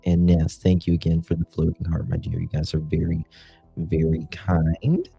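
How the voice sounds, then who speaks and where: Male livestream host, deep mellow voice, chatty and halting with fillers. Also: completely flat delivery, vocal fry, breathy edge, dry recording, soft background music. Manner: thanks viewers one by one, affectionate pet names. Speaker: host of a true crime livestream. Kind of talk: casual livestream chat.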